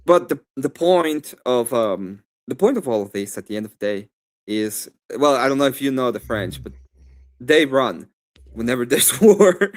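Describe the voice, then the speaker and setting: A man with a Spanish accent, debating on a live stream in a rambling, animated way with many fillers and restarts. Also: mid-range voice, normal speed.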